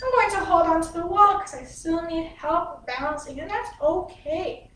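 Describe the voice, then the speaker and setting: A woman's voice: very high-pitched, moderate pace, a bit bright. A woman teaching a dance and yoga class to young children, patient and sing-song, explaining each step simply. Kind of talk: slow, gentle instruction for young children. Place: home room, livestreamed class. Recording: echoey room.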